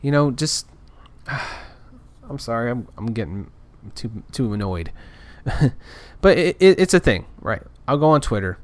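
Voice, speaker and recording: At normal speed, a man with an animated, medium-pitched voice rants on his podcast. The monologue is casual and rambling, frustrated, and full of restarts.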